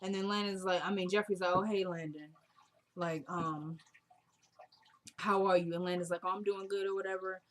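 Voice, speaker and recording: A woman casually recapping a TV drama episode, retelling scenes by quoting the characters in a soft murmur. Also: medium pitch, steady tone, a little fast. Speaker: TV recap vlogger.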